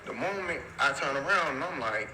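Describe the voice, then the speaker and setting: A man's voice: animated, a little fast, crowd noise, low-quality recording. A man telling a long personal story in a casual, slangy, rambling way. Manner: slangy, rambling, repeats "so boom".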